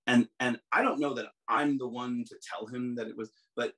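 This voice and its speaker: A man's voice: mid-range voice, a little fast, fairly bright tone, poor audio. A middle-aged man telling long, rambling stories as an interview guest, with many restarts, often mimicking other people's voices. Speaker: musician guest. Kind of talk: casual storytelling interview.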